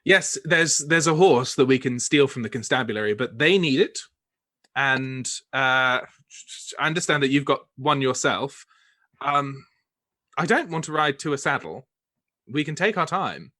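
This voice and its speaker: A man voicing an insistent, commanding noblewoman in a tabletop game, with rapid, pleading repetitions. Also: medium pitch, lively intonation, pushed and bright.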